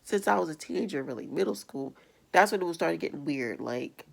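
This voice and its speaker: A woman's voice: low voice, lively intonation, fairly quick, vocal fry. A young adult woman vlogger ranting bluntly and with exasperation in a casual video. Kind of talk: casual vlog rant.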